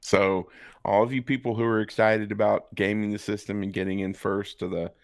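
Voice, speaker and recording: A man's voice: fairly low pitch, flat delivery, brisk. A man co-hosting a podcast, reading a text aloud with sarcastic asides. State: hiccups. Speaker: podcast co-host. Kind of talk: casual chat, reading and joking.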